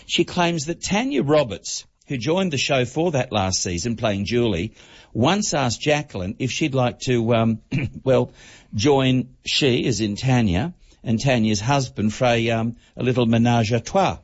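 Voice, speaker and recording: A man giving an entertainment report on talk radio, talking quickly, with many fillers and restarts. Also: mid-range voice, lively intonation. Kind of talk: radio chat, book review. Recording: dull broadcast audio.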